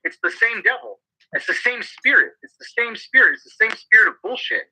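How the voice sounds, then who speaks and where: High-pitched, husky, and pushed bright, this man speaks at a brisk, animated clip while co-hosting a podcast. The poor audio captures a casual motivational chat in which he swears, stresses his points, and repeats himself to hammer them in.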